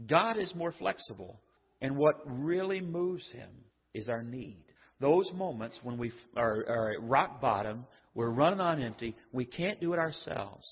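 Older preacher in an echoing hall. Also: male voice, medium pitch, expressive, a little slow, husky. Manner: conversational and joking, acts out quoted voices. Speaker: pastor. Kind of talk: sermon. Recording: dull lo-fi audio with long hall reverb.

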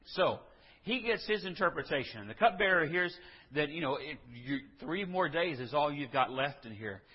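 Husky preacher with a hall echo. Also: male voice, a little high, animated, moderate pace. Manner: conversational storytelling with asides and humor. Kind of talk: sermon. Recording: dull recording in a reverberant hall.

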